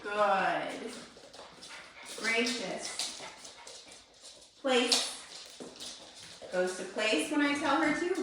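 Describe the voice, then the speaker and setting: During an indoor training demo, a woman dog trainer calmly explains drills, then gives the dog short, crisp commands. Her voice is fairly high, and she speaks very slowly with frequent pauses. The room is very echoey, her voice is far from the mic, and there is heavy background noise.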